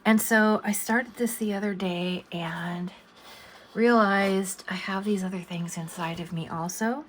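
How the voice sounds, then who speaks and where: Sitting at her home drawing desk, a coloring book artist from the USA, an older woman, talks casually as she works. She speaks at a measured pace in a steady, medium-pitched voice, rambling and hesitating with lots of fillers, and there's a slight hiss or hum.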